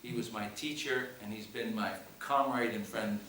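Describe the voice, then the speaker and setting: His voice sits on the low side, bright and forceful, with fairly even intonation and normal speed. The man, a film director and teacher, restarts hesitantly while telling a story at a public Q&A following a screening, before an audience. Recorded from far off in an echoey hall, with slight background noise.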